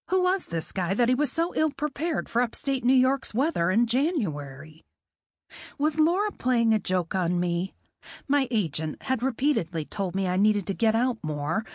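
A woman reading a first-person novel in a wry, expressive way. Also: on the high side, a little slow, dry recording, studio quality. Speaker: audiobook narrator.

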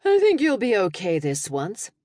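A woman voicing an exhausted young woman answering a friend's call with dry, playfully gruff replies in an audiobook. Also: mid-range voice, wildly swooping pitch, moderate pace, darkish tone, no room sound, pitched above the performer's own voice. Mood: wry. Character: tired, wry young adult woman fighter.

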